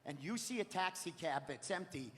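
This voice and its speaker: A man's voice: fairly high pitch, expressive, moderate pace, fairly bright tone, pitched below the performer's own voice. A man on stage voicing a foul-mouthed, combative aunt in a put-on Boston accent, ranting crudely, heard in a live theater with a long reverb. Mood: needling.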